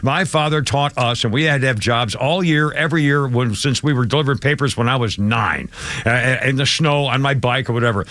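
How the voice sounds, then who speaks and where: A man's voice: medium pitch, a little fast, a bit bright, dry recording. An older man from the United States hosting a radio talk show, opinionated and rambling with many restarts. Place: radio studio.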